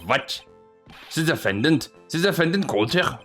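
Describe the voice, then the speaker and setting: Jittery young lady lawyer, stammering, pitched up high, a guy doing her. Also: animated, normal speed, fairly bright tone, faint music behind. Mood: surprised. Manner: flustered, stammering, defensive. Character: nervous young female rookie defense lawyer.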